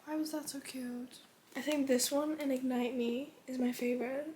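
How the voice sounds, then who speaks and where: A woman's voice: high voice, fairly even intonation, moderate pace, darkish tone, faint music behind. A young woman vlogging casually about her reading. She talks expressively, swears freely and swings between gushing and exasperation. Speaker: book vlogger.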